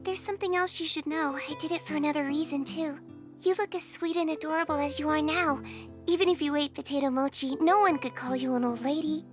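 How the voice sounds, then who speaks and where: A woman's voice: high-pitched, fairly even intonation, fairly quick, music in the background, natural voice. A woman voicing a polite, earnest young witch heroine in an anime dub.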